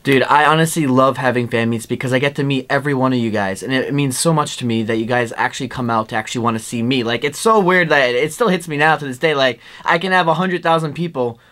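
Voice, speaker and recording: A young man from the United States talking excitedly and casually to camera as a vlogger, with lots of "like" and "dude". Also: medium pitch, fast talker, few pauses. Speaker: exploring vlogger. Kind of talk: casual vlog talk to camera.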